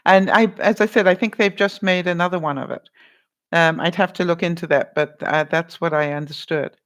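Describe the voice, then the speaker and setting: A woman's voice: on the low side, steady tone, moderate pace. A woman vlogger chatting casually on a live stream, laughing often as she runs a movie-quote quiz and answers viewer comments.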